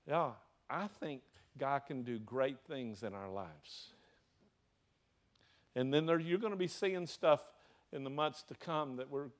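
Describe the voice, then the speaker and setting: A man with a Southern US accent preaching a sermon, throwing rhetorical questions to his congregation. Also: on the high side. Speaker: pastor.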